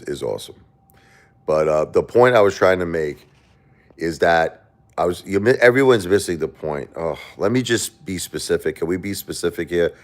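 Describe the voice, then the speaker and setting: A man hosting a livestream who talks to his chat in a defensive, argumentative way and often repeats himself. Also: low-pitched. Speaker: livestream host.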